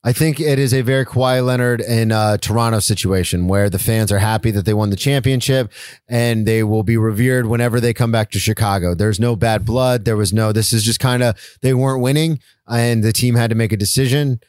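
A man's voice: medium pitch, fairly quick, a little mellow, clean tone, no room sound, studio quality. A man co-hosting a podcast, giving blunt opinions in casual sports chat, swearing and repeating himself. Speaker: podcast co-host.

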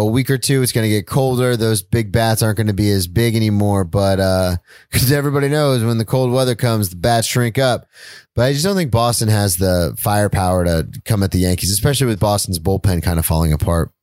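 A man co-hosting a casual sports podcast, giving his picks in a relaxed, hesitant way with many uhs and ums. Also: fairly low pitch, brisk, dry recording, studio quality. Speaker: podcast co-host.

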